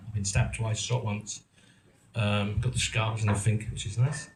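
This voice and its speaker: Speaking at normal speed with a flat delivery and a fairly low pitch, this middle-aged English actor and producer addresses a live audience. The roomy event hall makes him sound echoey, with background noise behind him. He rambles casually through his story, mocking himself and filling it with ums and false starts.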